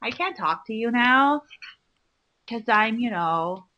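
A woman's voice: fairly high pitch, lively intonation, slow, pushed and bright, muffled recording, full character voice. Woman putting on a ditzy valley girl. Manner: airy, whiny, full of "like" and "oh my God".

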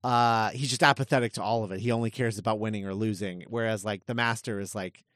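A man's voice: on the low side, fairly even intonation, fast talker, a bit bright, no room sound, clean studio sound. A male podcast co-host chatting casually about a TV episode, laughing often and using many fillers. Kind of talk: casual chat.

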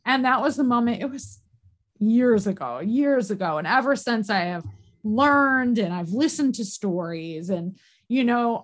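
A woman in a candid podcast conversation, talking earnestly and emotionally, halting with restarts and frequent fillers. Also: on the high side.

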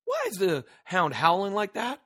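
A man's voice: sits high, huge pitch swings, moderate pace, bright, forceful tone, voice pushed up, heavily acted. A man voicing a curious young grandson in a story he tells, asking in a raised, wondering voice.

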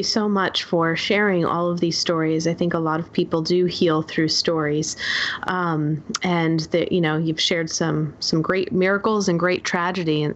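A woman hosting an interview, thanking her guest and summing up what was said. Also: lowish voice. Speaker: host. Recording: dull, lo-fi audio.

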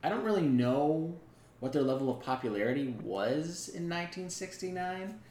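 A man's voice: fairly high pitch, animated, normal speed, a little mellow, a little hiss or hum. Rambling young man in a roomy space. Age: young adult. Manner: rambling, thinking aloud with many fillers. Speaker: podcast co-host. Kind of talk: casual chat.

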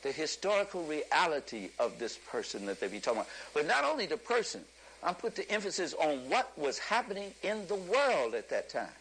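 A man giving an impassioned lecture to an audience, preacherly and emphatic, rising at times to a shout and chuckling through his points. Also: on the high side, very animated, a little fast, slight background noise, poor audio.

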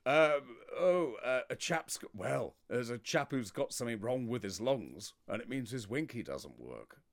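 A man from England in casual podcast chat, wry and chatty, with theatrical swoops of pitch. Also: sing-song, unhurried. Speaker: podcast co-host.

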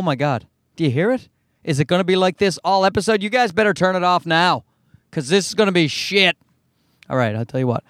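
A man with a Newfoundland accent, hoarse from a cold, hosting his podcast in a rambling, profane, self-mocking chat. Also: on the high side, a bit bright, no room sound, clean studio sound. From Newfoundland, Canada. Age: adult, married. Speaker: podcast host. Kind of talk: casual solo podcast chat.

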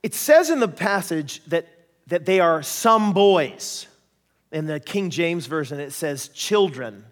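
A man preaching a sermon, telling stories in a lively, joking way and acting out voices. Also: fairly high pitch, takes it slowly. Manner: animated, jokey, acts out voices in stories. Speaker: pastor. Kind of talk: sermon with storytelling. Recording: long hall reverb.

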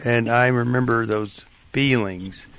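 A man's voice: medium pitch, fairly even intonation, takes it slowly, fairly bright tone, no echo. A male radio talk show host giving earnest, emphatic and empathetic advice to callers in a studio.

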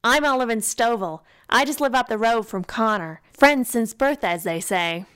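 A woman's voice: a little high, normal speed, a bit bright, smooth, lightly acted. A woman reading aloud, voicing a charming, talkative young man who keeps asking prying questions. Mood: eager.

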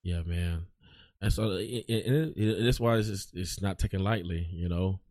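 Deep-voiced man chatting haltingly. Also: a little mellow, no echo, studio quality. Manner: halting, many restarts and fillers. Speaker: podcast host. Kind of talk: casual chat.

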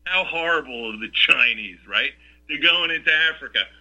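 A man's voice: a little high, animated, moderate pace, sharp tone. Male radio host, combative rhetorical rants, piercing tone, muffled radio sound. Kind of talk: talk radio commentary.

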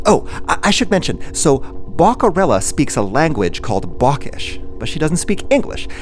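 Lively, animated male host for a kids' audio story, mid pitch, light music behind. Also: moderate pace. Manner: playful and animated, chatty with listeners. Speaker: host and narrator. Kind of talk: kids' podcast narration.

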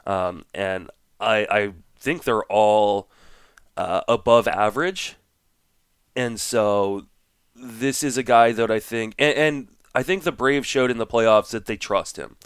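A young man co-hosting a casual baseball podcast, thinking aloud in a relaxed way with fillers; French was his first language. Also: on the low side, smooth, no echo, clean studio sound. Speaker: podcast co-host.

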